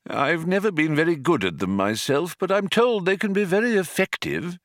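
Guy voicing a sad old man, slow and solemn, higher than his own voice, dry sound. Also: lively intonation, no echo, lightly acted. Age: older. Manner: stern, measured and grave.

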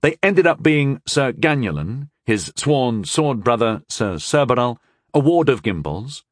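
A man narrating an audiobook in the first person with a wry, expressive storytelling manner. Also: mid-range voice, dry recording, studio quality.

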